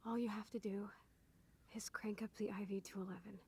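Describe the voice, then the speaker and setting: Picture a defiant young punk woman in a video game. She talks bluntly and swears freely, in a husky, slightly rough voice at a middling pitch. She sounds tough and quick to turn bitter. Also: flat delivery, mellow. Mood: pleading.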